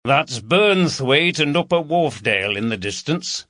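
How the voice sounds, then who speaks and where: A man's voice: medium pitch, lively intonation, a bit bright, dry recording, studio quality. A man voicing a jovial, teasing male chief inspector with a Yorkshire accent. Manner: hearty, teasing, brisk.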